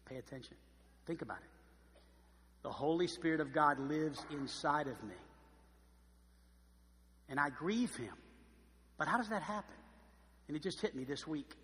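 A male pastor preaching with a high, bright, forceful voice. He drops quiet and slows for stress, then rises loud and emphatic. The sound carries a long hall reverb. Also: animated. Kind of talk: sermon.

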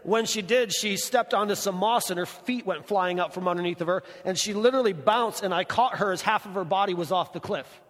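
A young male pastor with a fairly high voice, preaching in a relaxed, chatty way. He slows right down to lean on the words that matter. His voice rings out with a long reverb, as in a big church auditorium. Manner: conversational, slows down to stress key words. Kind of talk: sermon.

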